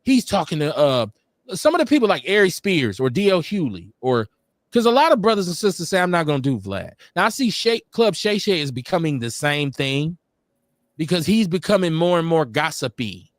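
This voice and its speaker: A man hosting a casual live-stream talk show, animated and mimicking other voices as he tells stories. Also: on the high side, fairly quick, no room sound, studio quality. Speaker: podcast host.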